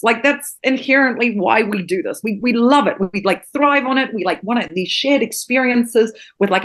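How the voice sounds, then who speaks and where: A woman from New Zealand, a podcast guest who teaches acting, talking with passion and emphasis and swearing freely. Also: on the high side. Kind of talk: podcast interview.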